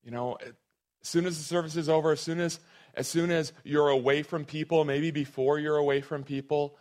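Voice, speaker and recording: A man's voice: fairly high pitch, fairly even intonation, a little fast, a little mellow. A man preaching a sermon to his congregation in an earnest, conversational way, often restarting his phrases. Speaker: pastor.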